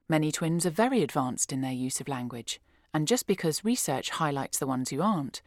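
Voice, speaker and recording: A woman narrating an audiobook in a calm, measured, clearly enunciated way, close to the mic. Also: deep voice, no room sound. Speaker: audiobook reader.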